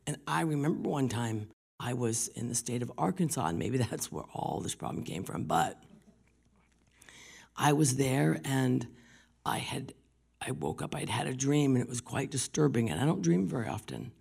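A woman's voice: extremely low pitch, expressive, normal speed, vocal fry, darkish tone, breathy edge. A woman preaching a sermon, telling personal stories and often dropping her voice to a whisper.

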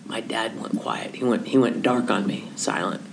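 A woman's voice: a bass voice, moderate pace, creaky, noisy background. A woman telling a story in conversation, acting out the voices of the people in it and sometimes dropping to a whisper, with a faith message. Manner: animated storyteller, acts out voices, drops to whispers. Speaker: Christian speaker telling a story.

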